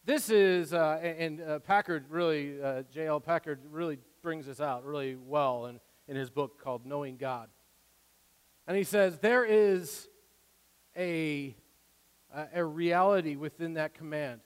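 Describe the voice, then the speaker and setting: A man preaching a sermon, excitable, swinging from loud declarations to quiet asides. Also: a little high, a little slow, clear, resonant tone. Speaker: pastor. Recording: long hall reverb.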